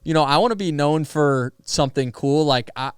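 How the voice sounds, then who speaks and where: A young man and podcast guest telling stories in a casual, animated way, laughing often and using many fillers. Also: on the high side, normal speed, clean tone, no echo, clean studio sound. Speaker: podcast guest, pro athlete. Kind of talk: casual storytelling conversation.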